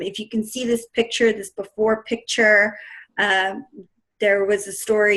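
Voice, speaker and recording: A woman in her thirties shares her own story on a webinar in an earnest, emotional way. Her voice sits in a middle pitch. She talks through a computer mic like a fitness coach addressing her team. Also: bright, forceful tone, low-quality recording. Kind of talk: personal story in a webinar talk.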